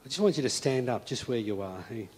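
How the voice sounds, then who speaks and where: A male pastor preaching a sermon, telling a story and then moving into a soft, hushed call to prayer. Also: mid-range voice, lively intonation, quick pace, slight background noise. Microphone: speaking to a congregation and viewers at home.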